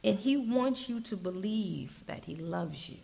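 A woman preaching a slow, earnest sermon, sometimes dropping her voice to a soft whisper. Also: medium pitch, animated, vocal fry.

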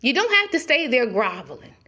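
A woman's voice: sits high, big pitch swings, fairly quick, bright, forceful tone. A middle-aged woman preaching a conversational sermon, acting out little dialogues as she talks.

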